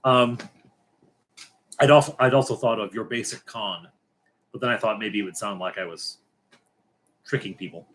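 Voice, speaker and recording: A middle-aged man with a fairly low voice, hosting a relaxed late-night livestream. He rambles and hesitates, restarting sentences and filling pauses, and slips in dry, wry jokes along the way. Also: a little hiss or hum. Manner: rambling and halting, many fillers and restarts; wry, joking asides. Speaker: livestream host.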